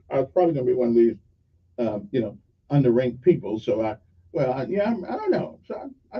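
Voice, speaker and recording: High-voiced rambling radio host. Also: male voice, slightly rough. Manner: rambling, joking asides, folksy. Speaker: radio talk show host. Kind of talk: casual morning radio shout-outs. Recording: dull sound from a distance.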